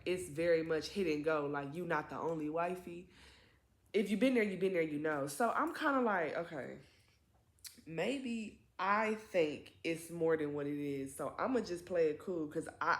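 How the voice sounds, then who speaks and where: A young woman in casual storytime mode, her everyday voice sitting slightly low. She swears freely and turns animated, leaping up in pitch whenever she acts out a quoted line. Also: reverberant. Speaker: vlogger.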